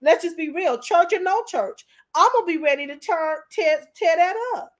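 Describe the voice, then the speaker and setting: High-voiced woman hosting a livestream. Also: normal speed. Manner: emotional, candid, talks straight to viewers. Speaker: YouTube show host. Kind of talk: casual commentary livestream.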